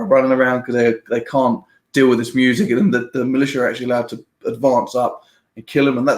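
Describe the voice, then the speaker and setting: A man giving a casual spoiler review of a book, chatty and rambling, laughing often and restarting his sentences. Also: mid-range voice. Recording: roomy echo.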